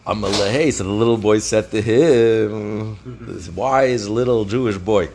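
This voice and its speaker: A man's voice: on the low side, measured pace, noisy background. Male Talmud teacher, passionate storyteller, peppers the lesson with Hebrew. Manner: passionate, retells the story vividly with Hebrew phrases. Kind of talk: daf lesson.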